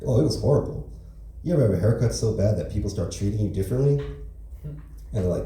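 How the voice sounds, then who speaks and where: Stand-up man, open mic, dark low voice, rambling deadpan delivery, echoey far-off club sound. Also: fast, pauses often. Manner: rambling, filler-heavy, deadpan. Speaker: stand-up comedian. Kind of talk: stand-up comedy set.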